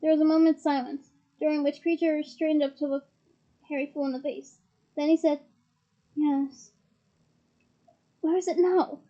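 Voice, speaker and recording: A woman's voice: high-pitched, level tone, fairly quick, dark tone, muffled recording. A woman reading a fantasy novel aloud, narrating steadily and with expression. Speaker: reader.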